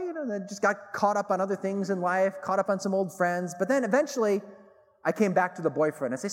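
A middle-aged man, a theologian, gives a public talk to a live audience, telling stories with animated delivery and emphatic repetition. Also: high-pitched, fast talker. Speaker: theologian and speaker. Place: large hall with audience. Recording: long reverb in a large hall.

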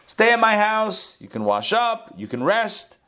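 Guy doing a nervous host voice, kinda higher, pushy but friendly. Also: big pitch swings, measured pace, sharp tone, exaggerated voice. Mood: coaxing. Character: anxious hospitable older man hosting guests.

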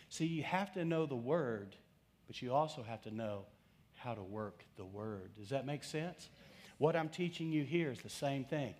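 A man's voice: medium pitch, lively intonation, normal speed, a little mellow. A middle-aged male pastor preaching a sermon, telling a story and putting questions to his congregation.

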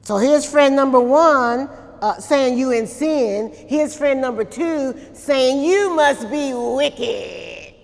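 A woman pastor preaches a church sermon at an unhurried pace. Her voice sits a little high. She talks conversationally, repeats words and asks the congregation questions. A long reverb hangs around her voice. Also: darkish tone. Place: church during a service.

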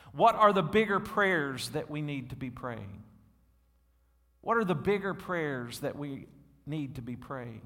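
Bright-voiced pastor preaching in a hall. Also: male voice, on the high side. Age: 40s. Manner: animated, calls out to congregation, swings loud and soft. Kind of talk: sermon. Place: church sanctuary. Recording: long hall reverb.

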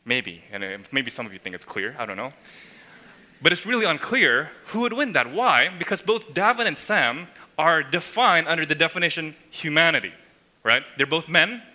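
A man's voice: on the high side, sing-song, moderate pace, sharp tone. A man preaching a sermon as pastor, emphatic and explanatory, often checking in with the congregation by asking "right?". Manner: emphatic, frequent tag questions, voices God's words. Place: church sanctuary. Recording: long hall reverb.

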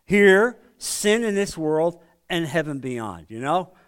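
A man's voice: fairly high pitch, sing-song, slow pace, smooth. A man leading a men's Bible study, teaching in a conversational way and often asking the group rhetorical questions.

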